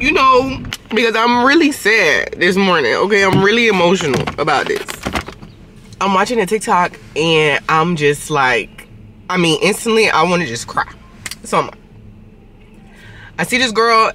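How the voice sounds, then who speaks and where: A young vlogger from Norfolk, Virginia, chats casually to camera in a slightly high, pushed and bright voice. Earnest and rambling, she tells stories and acts out both sides of conversations with quoted back-and-forth.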